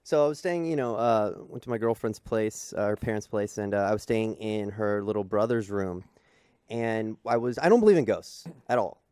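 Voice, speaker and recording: A man co-hosting a podcast, chatting in a relaxed, conversational way. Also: fairly low pitch, moderate pace, smooth, no room sound. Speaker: podcast co-host. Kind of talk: casual chat. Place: podcast studio.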